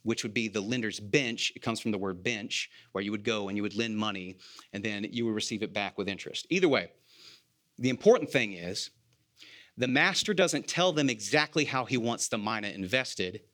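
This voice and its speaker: A man's voice: fairly low pitch, expressive, normal speed, a bit bright. A man, an elder candidate, preaching a sermon in an earnest, conversational way, asking rhetorical questions, repeating key phrases and making a self-deprecating joke now and then.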